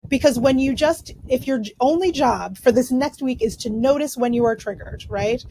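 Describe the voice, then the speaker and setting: A woman's voice: high-pitched, normal speed, few pauses, warm tone, a little hiss or hum, poor audio. A woman who is a clinical psychologist, explaining in a casual, chatty way with frequent fillers and "right?" tags.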